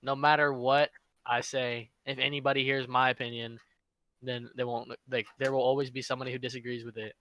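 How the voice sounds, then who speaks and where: Young man, laid-back and mumbly, joking, casual podcast chat, bright tone. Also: medium pitch, flat delivery, a little fast, no echo, dull audio. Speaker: rapper guest.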